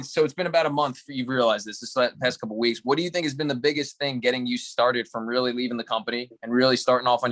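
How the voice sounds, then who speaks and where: A man's voice: mid-range voice, a bit bright, dry recording. A man practicing a sales call in a role-play, asking probing questions with lots of hesitant fillers.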